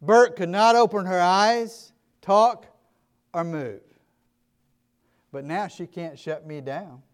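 A male pastor with a Southern US accent telling stories in a sermon, earnest and emphatic, moving between quiet and loud passages. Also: high-pitched, takes it slowly, smooth. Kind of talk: sermon storytelling.

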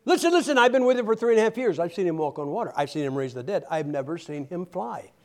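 A man's voice: sits high, expressive, fast talker, a little mellow. A man acting out a bewildered male disciple who exclaims in disbelief. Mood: incredulous.

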